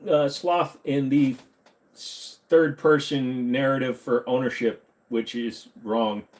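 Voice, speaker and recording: Lively-voiced man hosting a chat stream. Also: fairly high pitch. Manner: reads and answers viewer questions, joking; slips into a bad Southern accent. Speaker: live stream host. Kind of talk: casual live stream chat. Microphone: desk microphone.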